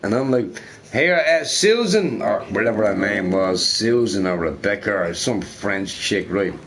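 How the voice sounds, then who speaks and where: Young man, game streamer, casual chat, profane, rambling, lowish voice. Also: measured pace, a crowd in the background. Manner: profane, rambling, animated storytelling.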